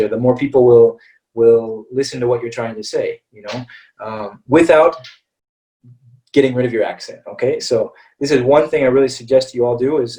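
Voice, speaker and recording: A man's voice: medium pitch, dark tone, recorded from a distance, low-quality recording. An American man teaching English in a live webinar, talking in a chatty way and often checking in with "all right" and "okay".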